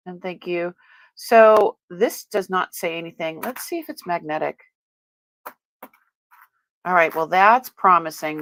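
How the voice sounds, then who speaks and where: A woman's voice: lowish voice, a bit bright, no room sound. A woman hosting a live-stream sale, chatting as she unboxes and tests items, exclaiming often and laughing as she goes.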